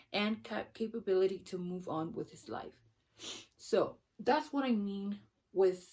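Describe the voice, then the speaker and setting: Slow, low-voiced woman musing on a book. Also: darkish tone. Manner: thoughtful, searching for words with frequent restarts. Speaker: book vlogger. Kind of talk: casual book discussion.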